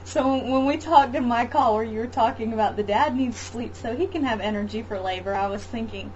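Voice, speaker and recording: A woman's voice: fairly high pitch, a little fast, a little mellow. Woman, chatty guest, lots of you-knows, slightly dull recording with faint hiss. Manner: chatty, many fillers and restarts. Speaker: interview guest, mother. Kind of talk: casual chat, birth story.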